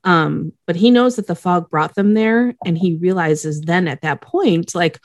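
Woman with a lowish voice chatting a tv recap, laid back, lots of um, dry mic. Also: unhurried, few pauses, no echo. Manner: relaxed storytelling with fillers like "um" and "yada, yada". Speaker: podcast co-host recapping a TV episode. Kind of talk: casual chat.

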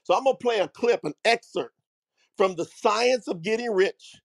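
A man's voice: sits high, moderate pace. A middle-aged man hosting a talk, telling a story with emphatic, preacher-like energy and calling his listeners family. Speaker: host. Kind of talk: motivational storytelling.

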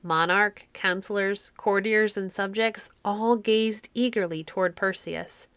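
A woman reads a classic children's tale aloud, measured and expressive. Her voice sits at a middling pitch and is recorded dry and close, with no room around it. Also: clean tone, dry recording. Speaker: audiobook narrator. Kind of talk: storybook narration.

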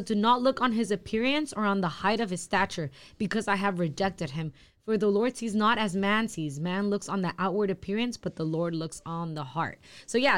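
A woman in a casual church group discussion, speaking hesitantly with many fillers and restarts. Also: medium pitch.

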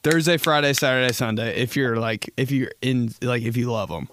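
A man's voice: medium pitch, a little fast, a bit bright, slight background noise. A young man hosting his own podcast, chatting casually and telling rambling, jokey stories with a lot of swearing. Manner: profane, rambling, jokey storytelling. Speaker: podcast host. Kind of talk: solo casual podcast chat.

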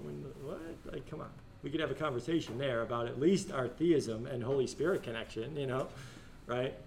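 A man teaching a classroom discussion, animated and joking, often laughing as he talks. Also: mid-range voice, a little hiss or hum. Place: school classroom.

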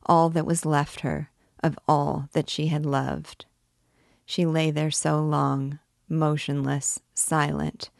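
A woman reading a classic novel aloud with a low, gravelly voice at an unhurried pace. She tells the story in a measured, dramatic way, recorded close and dry. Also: no echo. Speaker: book reader and guide. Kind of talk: scripted narration of a novel.

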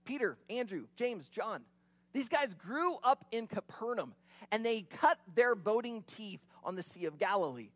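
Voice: medium pitch, a bit bright, no room sound. A preacher giving an expository sermon, retelling the scene in a vivid, conversational way with casual asides.

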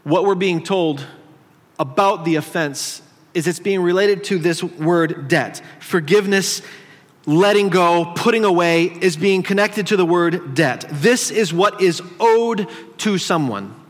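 High-voiced pastor preaching in a reverberant hall. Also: male voice, measured pace. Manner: conversational preaching, teasing the congregation. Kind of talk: sermon. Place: church sanctuary.

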